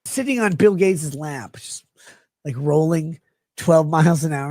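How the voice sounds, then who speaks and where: Drunk man rambling, husky, dry close sound, wild swings in pitch and loudness. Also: expressive, measured pace, no echo. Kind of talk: rambling stream monologue.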